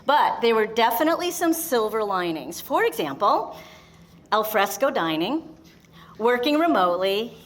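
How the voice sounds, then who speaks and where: A woman's voice: on the high side, sing-song, normal speed. A middle-aged woman, mother of the bride, giving a chatty, self-deprecating wedding welcome speech.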